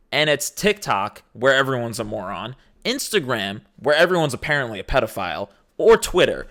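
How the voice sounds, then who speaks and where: Animated sarcastic comedian ranting. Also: male voice, medium pitch. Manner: sarcastic, exasperated. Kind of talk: comedic rant.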